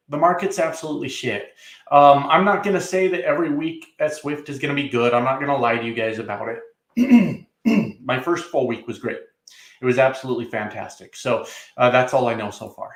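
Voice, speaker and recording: A man's voice: medium pitch, reverberant. A man, a trucker, chatting casually on a livestream, reading comments, joking and swearing with lots of fillers. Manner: profane, joking, rambling with many fillers. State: coughing a little. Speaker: trucker reading live chat.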